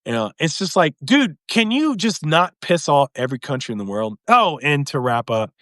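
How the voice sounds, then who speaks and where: A man hosts a live video show and talks politics off the cuff. His voice sits a little high and leaps around in pitch, and he chuckles between jabs. The sound is dry and close. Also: moderate pace, no echo. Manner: animated, chuckling, acts out others in mock voices. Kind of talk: casual political commentary. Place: home livestream.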